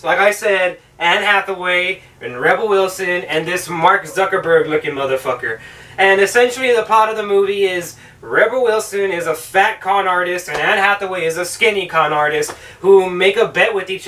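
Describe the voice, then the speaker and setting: A man's voice: high-pitched, moderate pace, pushed and bright, distant mic, low-quality recording. A man hosting his own show, giving a swearing, exasperated, sarcastic film review.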